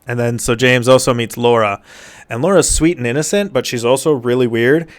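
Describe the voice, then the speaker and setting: Smooth-voiced man doing a sarcastic movie recap. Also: mid-range voice. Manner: dry, sarcastic summarizing with quick mock voices for characters. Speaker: movie reviewer. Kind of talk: comedic movie plot recap.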